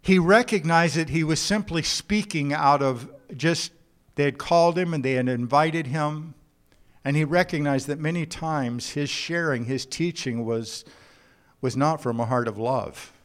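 Male pastor preaching, earnest and measured, a touch high-pitched, repeats words mid-thought. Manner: earnest preaching with told jokes and a drawn-out, halting delivery. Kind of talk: sermon.

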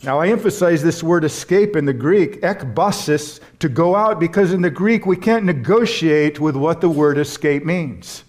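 A man's voice: a little high, normal speed, hardly any pauses, a little mellow. A man preaching a sermon, emphatic and stressing key words, with humorous asides and short stories. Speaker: pastor.

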